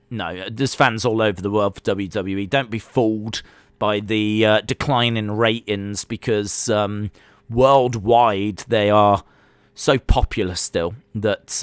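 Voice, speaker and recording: A man hosting a live wrestling watch-along stream. He calls the action with excitement, then answers chat questions in a relaxed, rambling way. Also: medium pitch, clean tone, no room sound. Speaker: live-stream reaction host.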